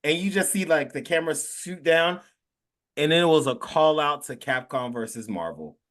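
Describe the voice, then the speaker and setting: A man co-hosting a podcast, reacting to a show in animated casual chat, laughing often and addressing the group. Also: a little high, normal speed. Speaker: podcast co-host.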